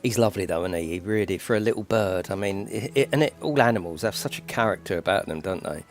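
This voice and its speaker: A gaming YouTuber talks fast and rambles chattily on a live stream from his home desk, with faint music in the background and a desk microphone picking him up. When he turns to his pet bird, his voice jumps into a high coo.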